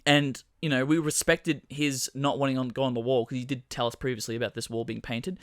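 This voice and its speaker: A man's voice: mid-range voice, level tone, a little fast, dry recording, clean studio sound. A young man co-hosting a podcast, venting bluntly with plenty of swearing in casual chat. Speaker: podcast co-host.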